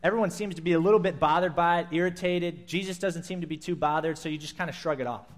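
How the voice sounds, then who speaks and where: Animated storytelling male preacher. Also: fairly high pitch, fast talker. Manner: animated storytelling, acting out scenes and sound effects. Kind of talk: sermon.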